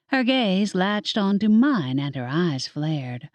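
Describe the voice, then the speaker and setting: A woman narrating an audiobook in an expressive storytelling manner, close to the mic. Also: lowish voice, unhurried, no room sound. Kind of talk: scripted narration.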